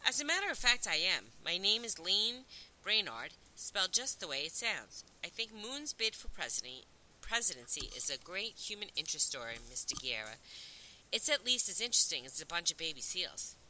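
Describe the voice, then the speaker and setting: Lady reading as a slick polite 12 year old boy pitching hard, bright lively voice. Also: normal speed, a little hiss or hum, full character voice, rough recording. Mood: persuasive. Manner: polite, earnest, persuasive. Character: smooth, confident twelve-year-old boy. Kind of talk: audiobook reading.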